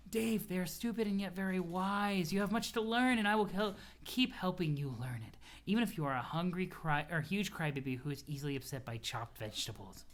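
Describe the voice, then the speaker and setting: A reader voicing a strange, teasing teenage girl troll who talks slowly and mock-solemnly in a lowered voice. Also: lively intonation, close to an everyday voice.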